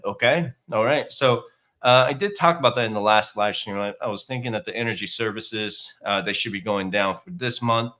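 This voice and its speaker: A man's voice: medium pitch, a bit bright. A man hosting a casual finance livestream, talking viewers through figures with lots of fillers. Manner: chatty, many fillers, walking viewers through data. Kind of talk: casual live stream commentary.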